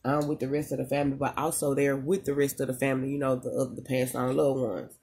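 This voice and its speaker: A spiritual reader giving a casual channeled reading straight to viewers, slangy and chatty, pausing often to tune in. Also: mid-range voice, little pitch movement, darkish tone, a little hiss or hum. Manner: emotional at moments, talks straight to the audience.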